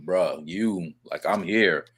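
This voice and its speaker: Laid-back deep-voiced man. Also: slow, fairly bright tone, slightly rough. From Georgia. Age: 30s. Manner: laid-back, slangy, talks in asides. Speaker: guest caller. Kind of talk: casual chat.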